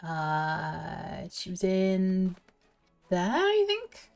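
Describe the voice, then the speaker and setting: A woman's voice: on the low side, huge pitch swings, very slow, creaky, a little mellow, soft background music. A woman streamer casually thinking aloud and giggling as she plays through a game quest. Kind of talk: casual gameplay commentary.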